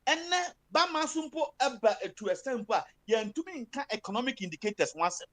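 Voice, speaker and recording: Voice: medium pitch, sing-song, normal speed, fairly bright tone. A speaker with a Ghanaian accent giving impassioned political commentary, switching between Twi and English with many fillers and emphatic bursts.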